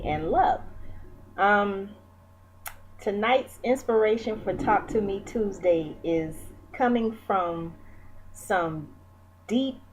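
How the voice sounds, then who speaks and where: Woman, 40s, lowish voice, candid and encouraging, chatty personal vlog talk with fillers. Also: darkish tone, poor audio. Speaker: vlogger.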